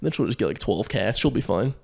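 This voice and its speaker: A young man co-hosting a casual comedy podcast, teasing and rambling with dark jokes. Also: on the low side, animated, fast, creaky.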